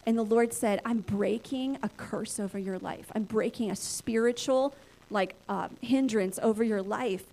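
A woman in her thirties, a pastor, preaching through a lively personal story and acting out her own inner voices. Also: mid-range voice, a little slow. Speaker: pastor and church planter. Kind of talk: sermon storytelling.

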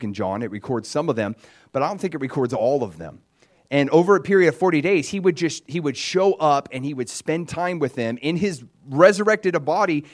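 A man giving a casual Bible teaching, retelling the story in a conversational, animated way with frequent fillers. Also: fairly high pitch.

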